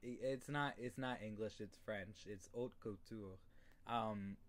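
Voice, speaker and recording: Casual young male English tutor from New York State; easygoing, lots of fillers and throat clearing. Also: on the low side, measured pace, very noisy. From New York State, USA. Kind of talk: casual online lesson.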